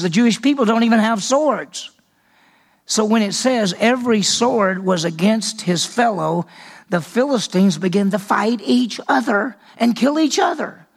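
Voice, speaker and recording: A man teaching a Bible lesson as a sermon, telling the story with animation and acting out the characters' voices. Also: high-pitched.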